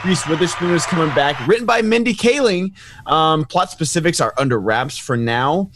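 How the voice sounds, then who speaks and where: A man chatting on a panel, enthusiastic and quick with jokes. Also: on the high side, animated, noisy background. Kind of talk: casual panel chat.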